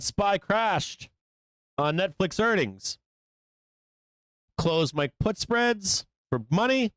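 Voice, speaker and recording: A man's voice: sits high, no echo. A man hosting a live trading show, talking through the market in a blunt, rambling, profane way.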